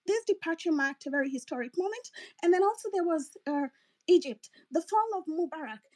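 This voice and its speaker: A woman's voice: very high voice, a little mellow. A Kenyan woman delivering an impassioned, profane political monologue. She is openly angry and keeps breaking off mid-thought. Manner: angry, profane, ranting, self-interrupting. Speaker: political commentator.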